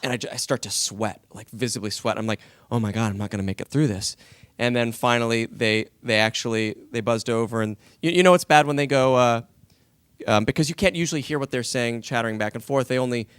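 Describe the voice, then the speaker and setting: A man, a voice actor telling a lively anecdote on a panel and acting out the lines he quotes. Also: medium pitch, fairly quick, clean tone, no room sound. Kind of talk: casual storytelling on a panel.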